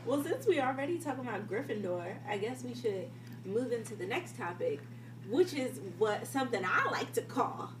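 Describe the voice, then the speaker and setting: A woman's voice: a little high, sing-song, moderate pace. A woman co-hosting a podcast in casual, profane chat, laughing easily. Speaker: podcast co-host. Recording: roomy, distant mic, loud hum.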